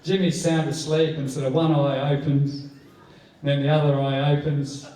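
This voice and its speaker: A man's voice: flat delivery, moderate pace, warm tone. A man in his sixties with an Australian accent, doing rambling stand-up with poker anecdotes in a club room. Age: 60s. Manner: rambling anecdotal storytelling, jumps up high to act out quoted people. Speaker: stand-up comedian. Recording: echoey room heard from a distance.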